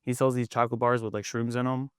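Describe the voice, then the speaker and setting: A young adult man hosting a podcast, chatting casually in a relaxed way with halting fillers. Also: medium pitch, clear, resonant tone, dry recording, studio quality. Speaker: podcast host.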